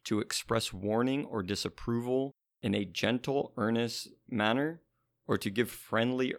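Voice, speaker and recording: A man explaining scripture in an easygoing, casual Bible discussion. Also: fairly low pitch.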